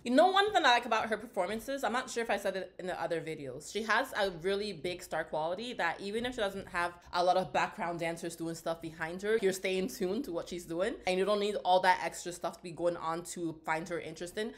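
A woman reaction vlogger in casual, playful commentary, excitable and quick to laugh and whoop. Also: fairly low pitch. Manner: chatty and playful.

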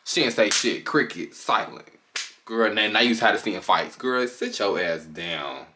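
A fairly low-pitched man talks at a measured pace, reacting casually on camera as a vlogger. Filmed on a tripod, he gossips with animated, profane energy.

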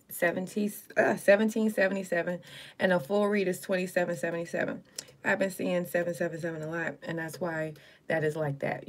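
A woman runs a casual livestream tarot reading, chatting to her viewers in loose slang with the odd curse. Her voice sits fairly low. A faint noise hangs behind her. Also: fairly bright tone. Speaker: live tarot card reader.

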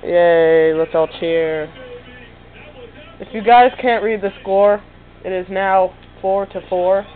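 A man's voice: high voice, fairly even intonation, slow. A teenage boy commentating on a basketball video game with his friend, teasing in a dry, sarcastic way. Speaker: gaming commentator. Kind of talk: casual gameplay commentary. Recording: tinny, phone-like sound.

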